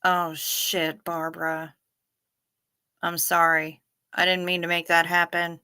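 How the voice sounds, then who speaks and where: A woman's voice: fairly low pitch, completely flat delivery, slow pace, long pauses, sharp tone, clean tone. A middle-aged woman, hosting a late-night livestream, tired and yawning as she chats casually with viewers and reads their comments. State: sleepy. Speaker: livestream host.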